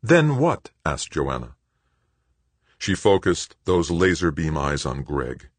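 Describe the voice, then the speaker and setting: A man reading an audiobook in a measured, dramatic narration. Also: a bass voice, no room sound. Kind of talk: scripted narration.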